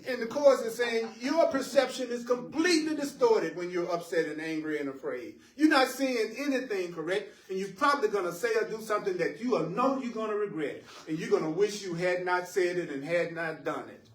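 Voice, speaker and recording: A man teaching a live spiritual class to listeners in the room, animated and playful, laughing at his own jokes and repeating phrases for emphasis. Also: high-pitched, a little fast, few pauses. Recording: roomy echo, voice picked up from a distance.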